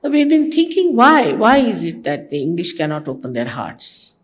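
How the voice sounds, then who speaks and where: Older woman teacher, lively teasing speech. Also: moderate pace. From India. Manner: conversational, teasing, mimics others with sudden pitch jumps. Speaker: spiritual teacher. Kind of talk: devotional talk to followers. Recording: archival talk recording.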